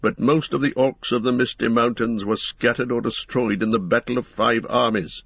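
A man with a husky voice reading the part of a grave, commanding old wizard in an audiobook, speaking in a stern, measured way. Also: mid-range voice, steady tone, no room sound. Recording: dull lo-fi recording.

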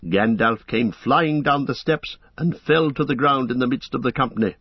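A man reading a fantasy novel aloud as a steady audiobook narrator. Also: medium pitch, moderate pace, breathy edge, no room sound, muffled recording.

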